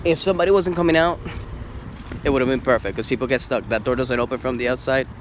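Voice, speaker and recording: A young man vlogging casually from a car, excitable, swearing and laughing, dropping in Spanish words. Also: medium pitch, fast. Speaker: toy collecting vlogger. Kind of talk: casual vlog. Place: inside a car. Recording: noisy car interior.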